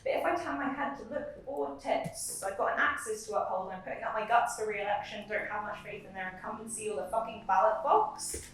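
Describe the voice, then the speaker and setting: A young woman poet giving a live reading, moving between measured recitation and chatty asides between poems. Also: a little high, fairly bright tone, a little hiss or hum. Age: young adult. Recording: very echoey room, mic far off.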